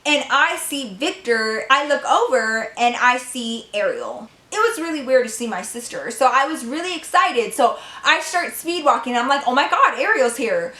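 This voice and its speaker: A woman in her twenties telling a storytime vlog, profane and animated, talking straight to her viewers. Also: high voice, normal speed, few pauses. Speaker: vlogger. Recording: echoey room.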